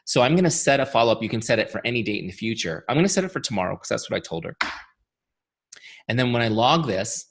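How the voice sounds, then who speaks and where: A man with a tired, fading voice gives an energetic webinar training, chatty and full of rhetorical questions. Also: mid-range voice, fast talker, vocal fry, background noise. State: losing his voice. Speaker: software founder giving a training webinar.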